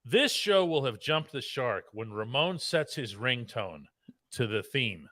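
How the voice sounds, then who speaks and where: A man's voice: mid-range voice, big pitch swings, unhurried, fairly bright tone, dry recording, clean studio sound. A man co-hosting a casual sports talk show, chatty and explaining things at length. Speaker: co-host, sports columnist.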